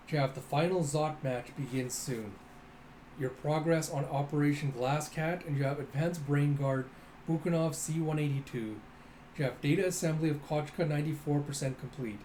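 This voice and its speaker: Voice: mid-range voice, slight background noise. Brief: chatty readthrough host, playful, mimics the sound effects. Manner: animated, laughs often, mimics sound effects. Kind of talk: casual comic readthrough.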